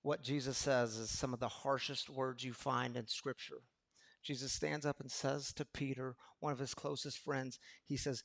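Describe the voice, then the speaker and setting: A male pastor preaching a sermon in a conversational way, asking the congregation questions and moving between loud emphasis and hushed storytelling. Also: mid-range voice, steady tone, unhurried, gravelly.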